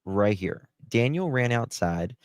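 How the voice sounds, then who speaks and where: A man's voice: fairly low pitch, animated, a little slow, no echo, studio quality. A man giving angry, profane, sarcastic commentary on case documents as a true crime host.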